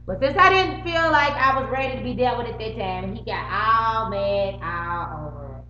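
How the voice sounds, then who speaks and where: Middle-aged woman, high-ish, animated storyteller, swears freely, echoey muffled home recording. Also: normal speed. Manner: animated, swears freely, acts out both sides of arguments. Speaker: vlogger. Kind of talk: casual storytelling to camera. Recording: roomy, muffled home recording with faint hum.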